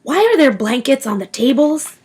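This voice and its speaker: A wary young girl who presses urgently for answers and protects her little brother, as a woman reading aloud puts her on. Her voice sits high and bounces between notes. She sounds anxious and pleading. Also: sing-song, normal speed, a little mellow, breathy edge, full character voice.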